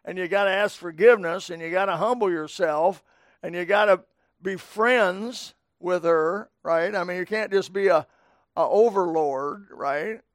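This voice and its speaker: A man's voice: high-pitched, measured pace, dry recording, clean studio sound. A middle-aged male pastor preaching a midweek sermon to his congregation, in a folksy, conversational way with asides to the people in front of him. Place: church sanctuary.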